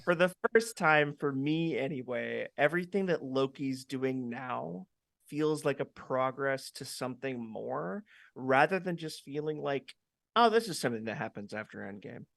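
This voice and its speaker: A man's voice: mid-range voice, lively intonation, normal speed, vocal fry, fairly bright tone, no room sound. A man co-hosting a casual podcast, hesitant at first and then earnest in his verdict. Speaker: podcast co-host.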